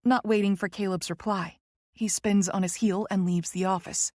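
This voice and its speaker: A woman's voice: mid-range voice, steady tone, normal speed, darkish tone, no echo, clean studio sound. A woman narrating a first-person romance audiobook in a wry, conversational way.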